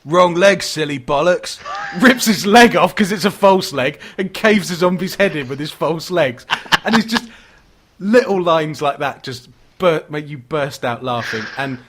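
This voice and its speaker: A man's voice: fairly high pitch, animated, normal speed, fairly bright tone, slight background noise. Man, podcast co-host, eager rambling chat with laughs. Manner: enthusiastic, laughing, rambling with restarts. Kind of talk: casual horror film chat.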